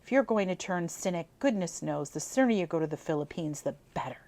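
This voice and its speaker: A woman's voice: on the low side, lively intonation, a little fast, dark tone. A woman reading aloud, giving voice to a sassy nineteen-year-old girl who teases in a cool, mock-innocent way. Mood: teasing.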